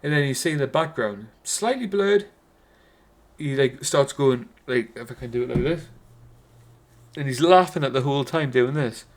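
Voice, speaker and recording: A man's voice: mid-range voice, normal speed. A man with a Geordie accent giving a casual, rambling film review, swearing constantly and restarting his sentences.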